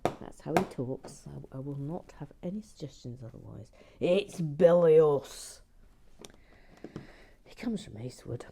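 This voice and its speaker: A woman hosting a relaxed building vlog, chatty and playful, drifting into soft whispered asides. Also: rumbling low, moderate pace, creaky, slightly rough. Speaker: host of a brick-building channel.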